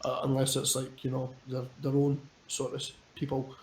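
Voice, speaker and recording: A man's voice: medium pitch, monotone, moderate pace, darkish tone, a little hiss or hum. A man chatting on a podcast, rambling and swearing, often restarting his sentences. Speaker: podcast panelist. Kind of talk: casual chat. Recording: echoey room with a crowd behind.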